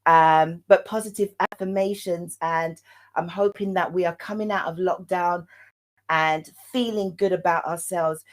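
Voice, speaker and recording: A chatty British woman hosts a live online show, her voice sitting a touch lower than most women's. She talks in an upbeat, casual way and drops in plenty of fillers. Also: steady tone, a little slow. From United Kingdom. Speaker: host.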